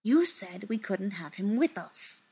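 Young guy dwarf, sing-songy and coaxing, real lively up and down, a lady reading him. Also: medium pitch, a little slow, creaky, husky, full character voice. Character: young male dwarf, playful, doting on a kitten.

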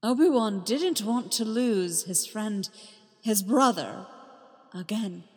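A woman reading a story aloud, slow and soft-spoken, letting her phrases fall quiet at the ends. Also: medium pitch, husky, big-room sound. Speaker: fan fiction reader. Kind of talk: storytelling narration.

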